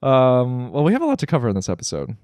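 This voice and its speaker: Teasing, animated male podcast co-host. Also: medium pitch, quick pace, no room sound. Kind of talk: casual chat.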